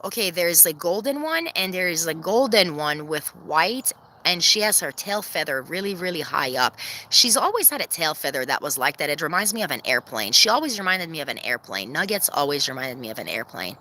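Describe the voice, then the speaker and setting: A woman chatting casually on a livestream from her backyard coop, laughing often, giving viewers shout-outs and calling to her hens. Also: very animated, a little fast, slight background noise. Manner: calls to her hens in a very high sing-song voice. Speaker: vlogger hosting a livestream premiere. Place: outdoors in a backyard by the chicken coop.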